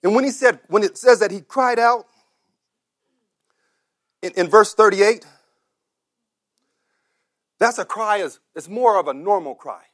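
Preacher guy with a high bright voice, dramatic, keeps repeating himself and shouting the big lines. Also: unhurried, pauses often. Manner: dramatic, acts out the voices of beggars and crowds; repeats words, builds up to shouted cries. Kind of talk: sermon.

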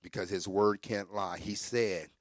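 A middle-aged man preaches a sermon, fervently sharing his own testimony and speaking directly to the congregation, building up to shouting with conversational asides along the way. His voice is lowish, fairly even in intonation and a little slow, recorded at studio quality with no echo.

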